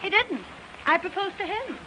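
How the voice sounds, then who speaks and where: A woman's voice: extremely high pitch, expressive, moderate pace. An actress playing a spoiled, eager young rich woman in a 1930s film, coaxing and playful. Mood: cajoling. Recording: noisy old film soundtrack.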